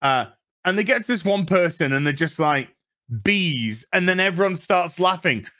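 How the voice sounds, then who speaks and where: A man's voice: sits high, fairly quick, pushed and bright. A man with a Yorkshire accent ranting sarcastically through a TV episode review, swearing often. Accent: Yorkshire English. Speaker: TV review vlogger.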